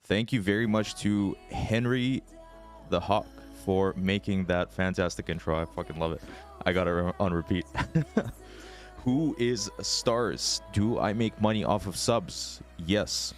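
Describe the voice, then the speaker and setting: Raspy guy streaming his trades, deep voice, laid back, bit of music behind. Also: a little slow. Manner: relaxed, swears, laughs often. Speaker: trading streamer. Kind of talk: casual live-stream chat.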